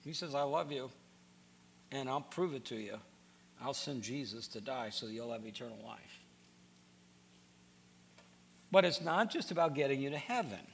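A man's voice: medium pitch, animated, normal speed, slight background noise. A man preaching a sermon, earnest and direct, often repeating words as he starts a sentence. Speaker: pastor.

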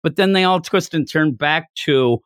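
A man hosting a casual podcast, recapping a manga chapter in an animated way and slipping into put-on voices for the characters. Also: on the high side, normal speed, dry recording, clean studio sound. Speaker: podcast host.

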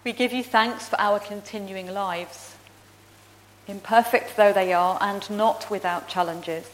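A woman's voice: mid-range voice, fairly even intonation, a little slow, a little hiss or hum. Woman minister in a reverberant church. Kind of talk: sermon with prayer and children's story. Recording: long reverb in a large hall.

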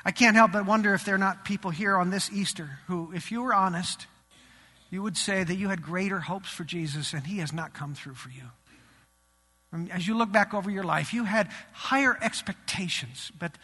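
A man delivering a sermon with a high, very bright and piercing voice. He swings between loud, animated preaching and hushed lows. The sound carries a long reverb from a church hall. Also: moderate pace, husky. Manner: animated preaching, rising and dropping his voice for emphasis. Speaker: pastor. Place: church sanctuary.

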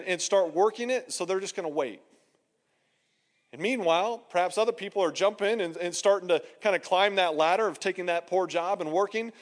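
A man's voice: high-pitched, long reverb tail. A man preaching a sermon as pastor in a conversational way, acting out the voices he quotes. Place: church hall.

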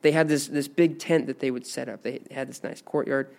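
A man's voice: medium pitch, steady tone, brisk, creaky, darkish tone. A man teaching a Bible lesson, reading scripture aloud and explaining it with frequent restarts.

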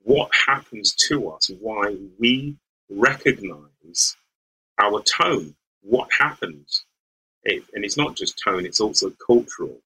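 A middle-aged lawyer from the West Midlands tells stories from his boyhood as an interview guest. His voice sits fairly low, yet it sounds bright and forward, with a husky edge. He talks reflectively, pausing and circling back as he works through his thoughts. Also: low-quality recording. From English West Midlands. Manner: thoughtful, searching, with frequent restarts and light laughs.

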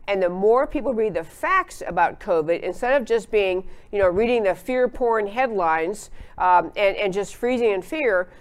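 A woman's voice: mid-range voice, lively intonation, moderate pace, hardly any pauses. A woman hosting a political talk show, giving opinionated commentary in an emphatic way, with frequent fillers and restarts.

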